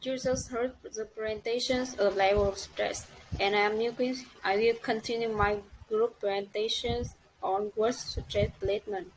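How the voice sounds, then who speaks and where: A woman student giving a class presentation, reading slowly and carefully and spelling out letters one by one. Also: on the high side, steady tone, a little hiss or hum, rough recording.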